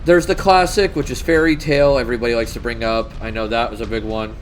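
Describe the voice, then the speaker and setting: A man's voice: mid-range voice, steady tone, fast talker, slight background noise. A man co-hosting a casual chat about tabletop games, rambling, swearing casually and laughing often. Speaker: podcast co-host.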